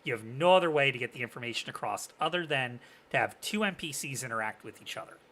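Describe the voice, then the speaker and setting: Bright-voiced podcast host, rambling questions. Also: male voice, mid-range voice, expressive, quick pace. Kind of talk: podcast interview.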